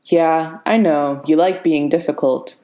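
A smug male villain who takes his time, every line slow and gloating. A woman reads him in her own low voice. It sounds like a storybook reading. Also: warm tone. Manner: smug, unhurried.

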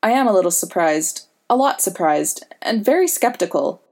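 A woman's voice: fairly low pitch, expressive, normal speed, darkish tone, recorded from a distance. A woman voicing an eager, earnest teenage boy who is stubborn and insistent. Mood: skeptical.

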